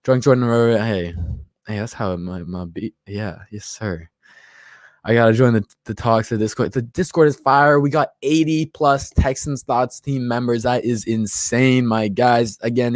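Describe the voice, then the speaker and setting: In a mid-range, slightly mellow voice, a man in his twenties hosts a relaxed livestream while a little tipsy, trading loose banter and reading out what chat says. The recording is dry and studio-clean.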